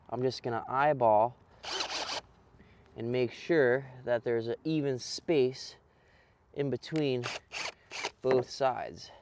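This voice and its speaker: A man's voice: medium pitch, background noise. A young man vlogging outdoors on rural land in a laid-back, slangy way while he builds, talking into a handheld camera. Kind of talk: casual vlog narration. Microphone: handheld camera mic.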